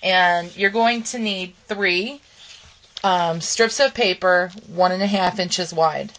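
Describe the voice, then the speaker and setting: A woman's voice: fairly low pitch, takes it slowly, fairly bright tone, rough recording. Woman host losing her voice. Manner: chatty step-by-step instructions with frequent ums and okays. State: losing her voice, clearing her throat. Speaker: crafting channel host. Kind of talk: casual craft tutorial.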